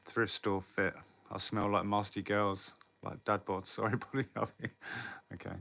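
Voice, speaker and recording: A man talks loosely to his viewers, answering their comments and swearing freely. His voice sits a little low but comes across bright and forceful. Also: little pitch movement, moderate pace, gravelly. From England. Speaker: livestreamer. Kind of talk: casual live chat with viewers.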